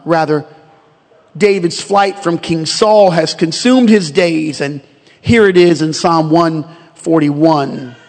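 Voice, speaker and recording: A man pastor preaching a sermon in a church, moving from quiet reflective reading to impassioned pleading. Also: sits high, big-room sound.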